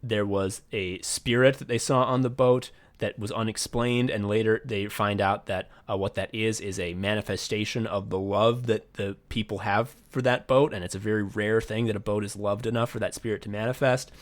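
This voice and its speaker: A man co-hosting a podcast, retelling a story in casual chat with lots of excited swearing. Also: on the low side, normal speed, hardly any pauses. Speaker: podcast co-host.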